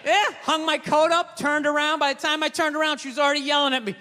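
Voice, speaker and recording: High-pitched comic guy swearing and ranting on stage, big reverby hall. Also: level tone, fast talker, noisy background. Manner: profane, ranting, mocking. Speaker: stand-up comedian. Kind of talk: stand-up comedy set. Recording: stage mic in a reverberant hall with a live audience.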